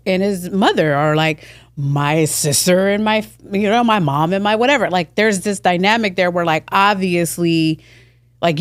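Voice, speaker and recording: A woman's voice: lowish voice, no room sound, clean studio sound. A woman co-hosting a casual podcast chat, thinking aloud and peppering her speech with "like". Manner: reflective and chatty, leans on frequent "like" fillers. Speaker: podcast co-host.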